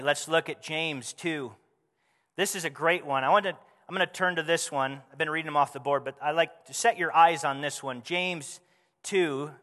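A man preaching a sermon as a pastor, conversational and animated, asking the congregation rhetorical questions. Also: on the high side, in a large hall.

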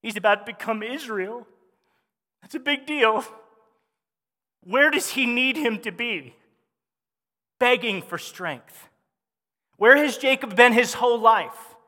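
A man preaching a sermon as pastor, talking to the congregation in a conversational, animated way. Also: very high-pitched, slow, long pauses. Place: church hall. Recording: long hall reverb.

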